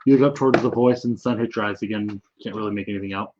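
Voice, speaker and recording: A man's voice: lowish voice, fairly even intonation, racing, lo-fi sound, noisy background. A man running a tabletop game as game master, narrating loosely with swearing and restarts.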